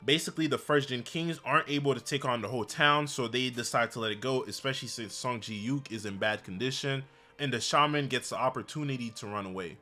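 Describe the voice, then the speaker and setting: A man casually recapping a comic chapter with animated, slangy storytelling. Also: medium pitch, a little fast. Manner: animated, slangy storytelling, frequent "bro" and "basically". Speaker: manhwa recap YouTuber.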